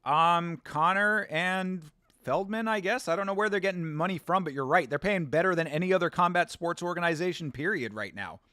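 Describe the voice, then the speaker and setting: A man's voice: high-pitched, brisk, pushed and bright, no room sound. Chatty man hosting a stream, dry sound. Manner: chatty, rambling, with restarts and laughs. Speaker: host reading chat on a fight watch-along stream. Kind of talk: casual chat and storytelling.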